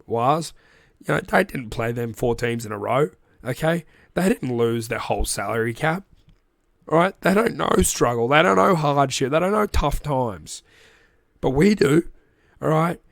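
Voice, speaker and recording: A man's voice: mid-range voice, gravelly, dry recording, clean studio sound. An Australian man hosting a casual sports recap podcast, rambling, joking and swearing freely. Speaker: podcast host.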